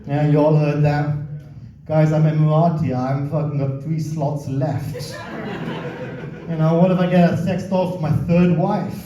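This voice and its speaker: A man's voice: a little high, fairly even intonation, moderate pace, dark tone. A man doing a crude, swearing stand-up comedy set, working the crowd in a casual, chatty way. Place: comedy club stage. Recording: roomy, distant, dull club recording.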